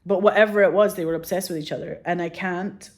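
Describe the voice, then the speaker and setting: A woman's voice: on the low side, steady tone, quick pace. A woman, a filmmaker talking candidly in a casual interview, swearing freely and leaning on "like" as she acts out quoted voices. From Scotland. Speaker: filmmaker guest.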